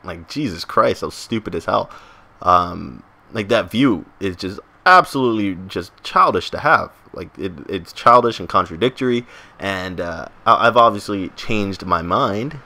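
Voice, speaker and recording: Young male vlogger, bright lowish voice, joking and self-mocking, loose rambling delivery. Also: lively intonation, moderate pace, gravelly. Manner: joking, self-mocking, many fillers and restarts. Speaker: gaming vlogger. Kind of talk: casual rambling monologue to viewers.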